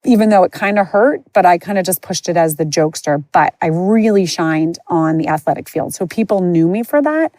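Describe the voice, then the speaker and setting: A woman's voice: lowish voice, expressive, normal speed, few pauses, darkish tone, no room sound. A woman podcast host candidly telling her own life story in a chatty, conversational way. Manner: candid, chatty, frequent "like" and "you know". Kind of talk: personal storytelling.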